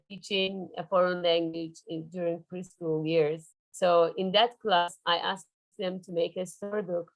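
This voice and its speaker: A woman trainer leading an online workshop on early foreign-language teaching, animated and showing her materials over a video call. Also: mid-range voice, no room sound, low-quality recording. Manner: animated, demonstrative, shows props.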